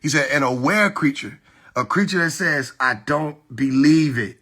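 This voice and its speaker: A man's voice: on the high side, expressive, normal speed. A man hosting a live stream, preaching casually and emphatically, repeating his points and asking rhetorical questions into a phone mic.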